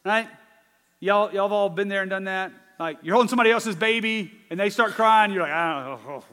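A man, a father, preaching a sermon in a conversational, animated way, swinging from loud emphasis to hushed asides. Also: high-pitched, big-room sound. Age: adult father. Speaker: pastor.

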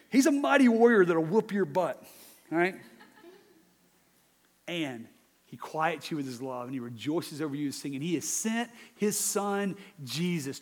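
Male pastor, high-pitched voice, conversational sermon, loud then hushed, long hall reverb. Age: adult father. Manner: conversational and animated, swinging from loud emphasis to hushed asides.

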